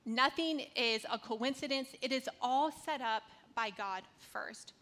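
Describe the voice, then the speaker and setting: A woman's voice: fairly high pitch, a little slow, bright, forceful tone. A woman in her thirties from North Carolina giving a conversational devotional talk, telling a personal story with casual fillers.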